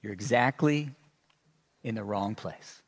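A man's voice: on the low side, slow pace, slightly rough. A man preaching a sermon as a pastor, telling stories and acting out sarcastic asides. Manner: animated storytelling with sarcastic asides.

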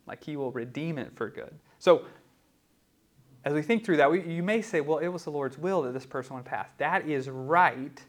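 A man preaching in a conversational teaching style, often pausing with "um" and asking "right?". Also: fairly high pitch. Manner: conversational, many ums and rhetorical "right?". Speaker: pastor teaching a class. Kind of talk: teaching sermon.

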